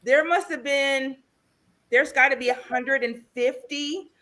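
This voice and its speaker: An excited woman recounting a find in a casual group chat about gardening. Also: sits high, a little slow, a crowd in the background. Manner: excited, enthusiastic. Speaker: panel guest.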